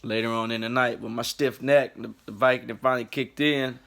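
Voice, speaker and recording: Bright-voiced man telling a funny story. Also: medium pitch, fairly quick, creaky. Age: late 20s. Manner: animated, laughs through the story, acts out quoted people. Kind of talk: casual comedic storytelling.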